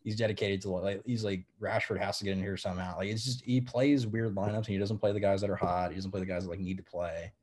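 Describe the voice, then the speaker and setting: A man from the United States talks sports on a casual podcast, excitable and stringing thoughts together with constant "like"s. His voice sits on the low side but jumps up sharply when he gets worked up. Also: fast, few pauses, slightly rough. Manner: excitable, fills every phrase with "like". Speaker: podcast co-host.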